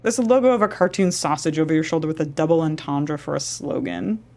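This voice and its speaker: Streamer gal, playful asides, lowish voice. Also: female voice, quick pace, darkish tone. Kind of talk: casual live-stream commentary.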